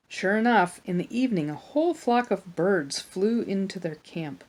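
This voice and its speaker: A woman reading a children's Bible story aloud for a church, in a plain, gentle storytelling manner with small asides. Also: medium pitch, expressive, normal speed, hardly any pauses.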